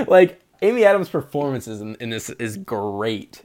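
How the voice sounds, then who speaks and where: A young man co-hosting a casual movie podcast, excited and rambling, laughing often. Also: fairly high pitch, moderate pace, few pauses. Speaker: podcast co-host.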